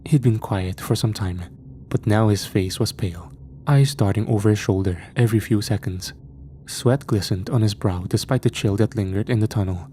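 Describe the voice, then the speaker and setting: Low, mellow male horror narrator. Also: slight background noise. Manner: slow, measured storytelling. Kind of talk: scripted narration. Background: faint music.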